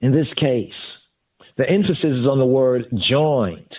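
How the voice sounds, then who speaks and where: A man teaching scripture in a deliberate way, repeating and glossing each term as he goes. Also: mid-range voice. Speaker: Bible teacher. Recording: distant, phone-like lo-fi sound.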